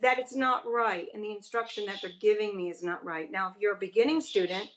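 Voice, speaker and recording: A woman's voice: mid-range voice, brisk, dull audio. A woman who studies voice, answering questions thoughtfully with hesitant starts. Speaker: voice student. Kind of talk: conversational interview.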